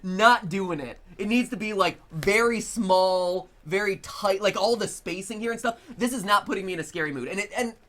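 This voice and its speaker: A man with a Midwestern American accent co-hosting a live stream, commenting casually and handing out opinionated tips in quick, animated bursts. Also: sits high, a little hiss or hum.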